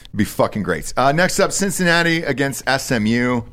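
Young male host, loose and profane, jokey, lively pitch. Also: normal speed. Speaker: podcast host. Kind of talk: casual sports betting chat.

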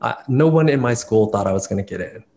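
A man's voice: medium pitch, animated, fast, vocal fry, a little mellow. A male dance choreographer being interviewed, recalling his past in a reflective way with many fillers and restarts. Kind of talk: casual interview storytelling.

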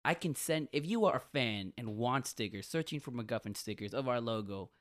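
A man's voice: mid-range voice, expressive, fairly quick. A man co-hosting a podcast in casual chat, plugging merchandise in a dry mock-ad tone. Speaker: podcast co-host.

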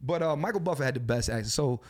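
A man hosting a podcast in a studio, talking in a loose, animated way with lots of swearing and filler phrases. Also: mid-range voice, quick pace. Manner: animated, swearing, repeats "you know what I'm saying". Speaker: podcast host. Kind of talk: casual podcast chat.

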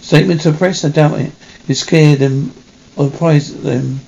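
A man reading a film script aloud in a halting way, correcting himself as he goes. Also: on the high side, fairly even intonation, gravelly, darkish tone, muffled recording. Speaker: reader.

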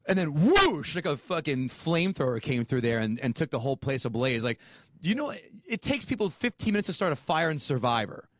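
A man's voice: on the high side, sing-song, fairly quick, a bit bright. A man co-hosting a podcast, chatting casually in a rambling, profane way with many restarts. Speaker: podcast co-host. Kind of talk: casual chat.

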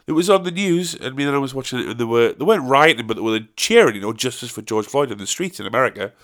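A man's voice: mid-range voice, animated, fast talker, a bit bright. A young man from the North of England with a Northern English accent, ranting casually and swearing, with many repeated restarts. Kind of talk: casual monologue.

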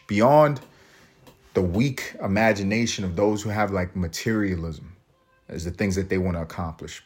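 A man's voice: normal speed, breathy edge. A man from a Puerto Rican family, hosting a solo podcast and riffing in a profane, rambling way, laughing at his own jokes. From Puerto Rican family, raised in US projects. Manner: jumps to high excited pitch for emphasis. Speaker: podcast host. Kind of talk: solo comedic monologue.

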